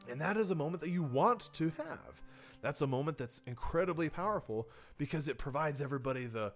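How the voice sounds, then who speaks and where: A tabletop game design teacher with a voice on the high side, lively intonation and brisk pace livestreams a workshop on writing horror for role-playing games. He speaks loosely and conversationally, with lots of fillers and restarts, acting out players' reactions against faint background music.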